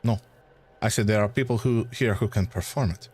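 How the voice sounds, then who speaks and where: A man's voice: on the low side, a little mellow, slightly rough. A man voicing a suave, courteous French male academic who exposes fraud, with a put-on French accent. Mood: measured. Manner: measured, courteous, slightly haughty.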